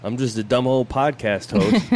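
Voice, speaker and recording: A man's voice: mid-range voice, moderate pace, darkish tone, a little hiss or hum. A man hosting a casual podcast, joking around and laughing often. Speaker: podcast host. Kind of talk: casual chat.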